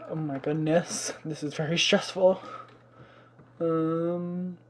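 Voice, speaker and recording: A man's voice: on the high side, little pitch movement, slow, slight background noise. A young man hosting a life-sim let's play in casual commentary, chatty and fussy, exclaiming often and scolding the game's pets.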